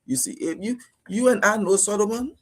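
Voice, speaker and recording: Husky Liberian man ranting on radio. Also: brisk. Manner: animated, rising pitch when outraged, acts out police exchanges. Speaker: radio panelist. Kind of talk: talk radio commentary.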